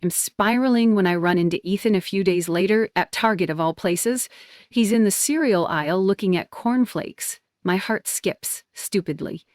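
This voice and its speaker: A woman's voice: medium pitch, normal speed, a little mellow, no room sound, clean studio sound. A woman in her twenties narrating an emotional first-person family story. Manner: emotional, intense.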